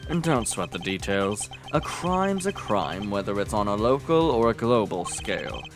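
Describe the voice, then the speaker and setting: A man voicing a cocky, tough male Interpol agent with a low, gravelly swagger, reading game dialogue aloud on a stream. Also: sing-song, normal speed, over music.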